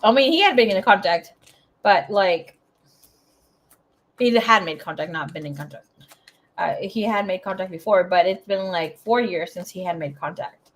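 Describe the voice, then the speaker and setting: A woman's voice: mid-range voice, moderate pace, long pauses. A woman giving a casual tarot reading in a chatty, blunt way, swearing freely as she talks. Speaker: tarot reader.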